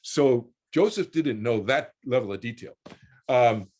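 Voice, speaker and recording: A man's voice: mid-range voice, animated, a little slow, darkish tone. A man in his sixties telling a personal story as a guest on a video call, rambling with repeated words and restarts. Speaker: guest speaker.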